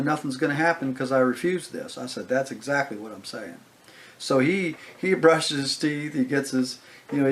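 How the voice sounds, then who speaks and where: A man of middle pitch recounts a story in an easy, conversational way. He leans on fillers and acts out both sides of the exchange, his voice rising for the quoted lines. The tone stays unscripted and chatty. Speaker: guest speaker. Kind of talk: casual storytelling.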